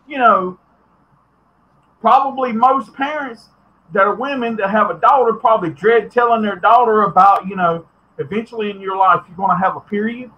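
A man's voice: high voice, sharp tone, highs cut off. A man hosting a podcast, ranting bluntly and profanely, getting heated at times. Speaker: podcast host. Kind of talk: ranting commentary.

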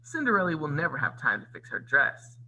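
A man's voice: on the high side, huge pitch swings, brisk, vocal fry, pushed and bright, a little hiss or hum, exaggerated voice, poor audio. A man voicing a small, worried male mouse in a read-aloud storybook. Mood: fretful.

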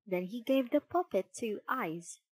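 A woman narrating a children's storybook in a clear, measured reading. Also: fairly high pitch, lively intonation, dry recording, low-quality recording.

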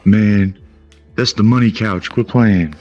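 A man with a Southern US accent, a fellow online player, laid-back and deadpan with crude boasting jokes. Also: on the low side, takes it slowly, muffled recording, music in the background.

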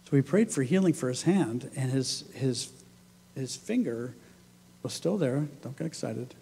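A pastor delivering a sermon in a church, telling stories in a conversational way and acting out what people said. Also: male voice, medium pitch, expressive, measured pace, vocal fry, warm tone, slightly rough, big-room sound. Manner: conversational storytelling, acts out quoted voices, laughs often. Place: church sanctuary.

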